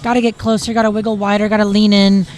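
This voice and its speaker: A woman's voice: medium pitch, little pitch movement, fast, a little mellow. A woman doing live commentary on a competition, giving opinionated coaching-style critiques and teasing her co-host.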